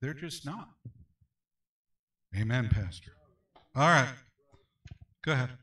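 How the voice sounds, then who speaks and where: A man's voice: medium pitch, animated, takes it slowly, sharp tone, far from the mic, low-quality recording. A male pastor teaching a Sunday school class, emphatic and repetitive, often asking for an amen. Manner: emphatic, repeats phrases, calls for amens.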